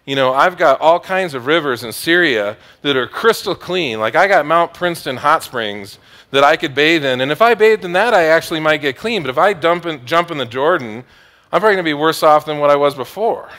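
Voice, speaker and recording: A man's voice: mid-range voice, little pitch movement, fast, a bit bright, clean tone, lightly acted. A man voicing a proud foreign general who complains with exasperation. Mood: indignant.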